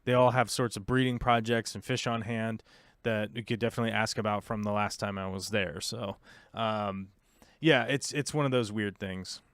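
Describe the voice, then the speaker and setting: A man's voice: on the low side, fairly even intonation, moderate pace, a bit bright, clear, resonant tone, no echo. Man, american, livestream host, casual rambling chat, dry room. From United States. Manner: rambling, chatty, lots of fillers.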